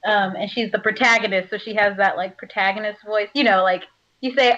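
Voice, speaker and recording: A woman's voice: medium pitch, fairly even intonation, fast talker, bright, forceful tone. A woman voice actor chatting casually in an interview, bubbly, laughing often and using plenty of filler words. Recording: slightly muffled audio.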